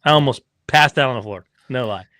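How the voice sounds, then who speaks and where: A man's voice: mid-range voice, a little fast, sharp tone, no room sound, studio quality. A man who owns a racing team and is the father of a rider, telling stories in a casual podcast chat. He acts out quotes and swears freely.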